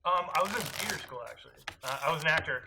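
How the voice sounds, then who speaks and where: A man's voice: on the high side, animated, fast talker, noisy background. A man from outside Boston, a guest at a card game, making dry joking asides. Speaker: guest, writer. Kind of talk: casual banter over a card game.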